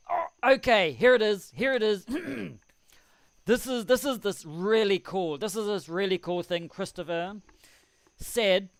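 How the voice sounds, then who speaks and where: New man, fairly high voice, dry close mic, rambling live-stream host who chuckles at himself. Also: no echo. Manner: rambling, chuckling, self-deprecating. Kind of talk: casual live-stream chat. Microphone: desk microphone.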